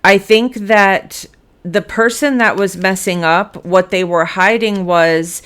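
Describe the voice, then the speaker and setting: A woman's voice: on the low side, a bit bright, clean tone. A woman giving a blunt, emphatic tarot reading, cursing freely as she speaks to her viewers. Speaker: tarot reader.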